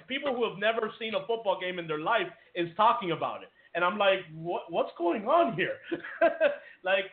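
A high-pitched man co-hosts a radio-style podcast. He rambles and stumbles over his words, restarting his sentences and laughing often. The sound is thin and tinny, like a phone line. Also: slight background noise. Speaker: radio show co-host. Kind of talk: podcast interview.

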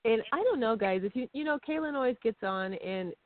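A woman co-hosting a podcast, chatty and quick to laugh. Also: fairly high pitch, lively intonation, slight background noise. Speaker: podcast co-host. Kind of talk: casual chat. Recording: tinny phone line.

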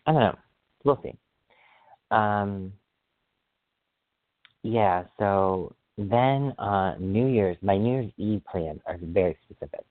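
Podcast host, male, very low voice, excitable rambler, dry thin phone-line audio. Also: no echo. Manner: excitable, rambling, quick to apologize. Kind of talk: casual solo podcast chat.

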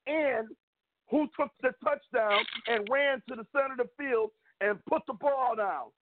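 A man's voice: a little slow, dry recording. Fired-up man ranting on a phone line. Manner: fired up, rants with rising pitch. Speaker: podcast co-host. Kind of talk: sports talk podcast. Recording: tinny phone-like call line.

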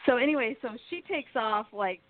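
A woman's voice: fairly high pitch, expressive, a little fast. A woman hosting a casual talk show, chatting in a rambling way with lots of fillers and restarts as she recaps a soap opera. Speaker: podcast host. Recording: tinny phone line.

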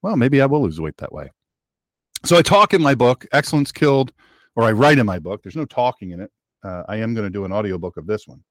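A man's voice: lowish voice, big pitch swings, fast talker, a bit bright, no room sound, clean studio sound. A man hosting a political talk show, delivering an opinionated, rambling monologue, repeating phrases for emphasis and reading out listener messages. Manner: reads listener chat messages aloud.

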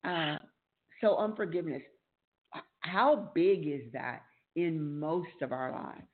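A woman's voice: low voice, takes it slowly. A woman hosting a Christian talk show, telling a personal story earnestly and emotionally. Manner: earnest, emotional storytelling, animated when reliving events. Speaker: host. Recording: tinny phone-like sound.

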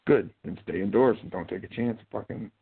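Gravelly, husky-voiced man on a tinny line. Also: on the low side, fairly quick. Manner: rambling, profane, joking storytelling. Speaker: host. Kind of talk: casual live-show chat. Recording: tinny phone-like sound.

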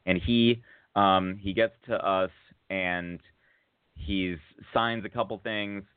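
A man on a podcast telling a long casual story, full of fillers and restarts, getting excited at the funny parts. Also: deep voice, takes it slowly, smooth, no echo. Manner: rambling, filler-heavy, rises to excited laughter at funny moments. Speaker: podcast co-host. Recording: tinny phone-like audio.

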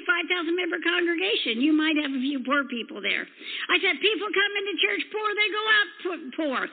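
A woman preaching a sermon, rambling and emphatic as she acts out conversations in a personal story. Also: very high-pitched. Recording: tinny, echoey hall recording.

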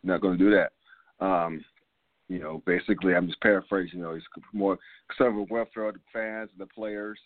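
A man's voice: low voice, level tone, fairly quick, dry recording. A man in his fifties hosting a casual sports talk show, loose and rambling, full of fillers and laughs. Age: 50s. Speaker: podcast host. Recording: phone-like line, dry sound.

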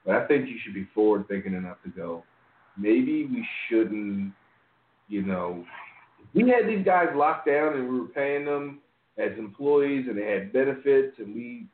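A man hosting a podcast, ranting in casual chat, swearing often and jumping high in pitch when he mocks someone. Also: measured pace. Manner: animated, profane, voice jumps high when mocking. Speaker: podcast host. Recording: echoey, phone-like sound.

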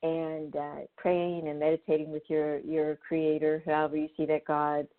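A woman's voice: low voice, monotone, moderate pace. A woman hosting a show, talking casually in a rambling way with lots of fillers and restarts. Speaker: show host. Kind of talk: casual spoken monologue. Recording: tinny phone-line sound.

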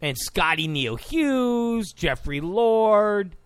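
Animated, high-pitched male commentator. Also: very slow, clear, resonant tone, no room sound. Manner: combative, mocks opponents in quoted voices. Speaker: political commentator. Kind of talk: opinionated talk commentary.

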